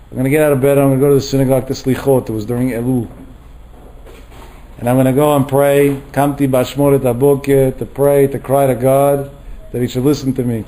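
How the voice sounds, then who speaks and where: A man's voice: medium pitch, low-quality recording. A middle-aged man giving a Torah lecture as a rabbi, telling stories and acting out the voices he quotes. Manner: animated, acts out quoted voices.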